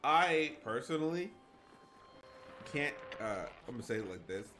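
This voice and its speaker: A man in his twenties streaming a game, reading aloud haltingly and then rambling loosely with lots of fillers. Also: fairly low pitch, animated, bright, forceful tone, faint music behind. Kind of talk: casual livestream commentary while gaming.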